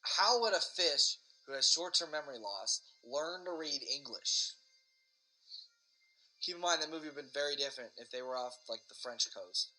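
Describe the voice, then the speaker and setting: A man's voice: on the high side, animated, normal speed, sharp tone, low-quality recording. A man hosting a podcast, rambling sarcastically and swearing freely in a casual monologue. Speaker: podcast host.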